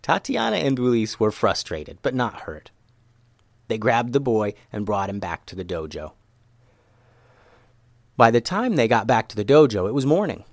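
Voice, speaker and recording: Guy reading a kids story, lively up and down voice, dry close sound. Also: mid-range voice, moderate pace, vocal fry, pauses often, no echo. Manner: animated, expressive reading. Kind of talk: children's story narration.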